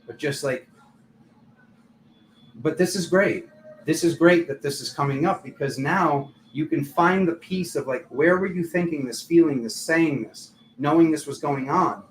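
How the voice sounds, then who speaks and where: A higher-voiced man, a tarot reader who hosts his own channel, does a casual live tarot reading at a measured pace. He's chatty, leans heavily on filler words, and laughs at himself. The room is echoey, with faint background noise.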